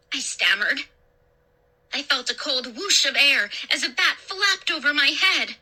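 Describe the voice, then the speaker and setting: A woman storyteller reading a first-person horror story in a dramatic, expressive way. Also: high voice, measured pace. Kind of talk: scripted horror story narration.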